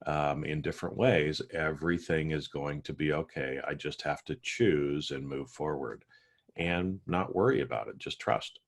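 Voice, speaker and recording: This man co-hosts a casual podcast and talks in a calm, reassuring way. He fills his speech with "you know" and "um". His voice is exceptionally deep. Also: moderate pace, vocal fry. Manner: reassuring, reflective, filler-heavy. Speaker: podcast co-host. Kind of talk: casual chat.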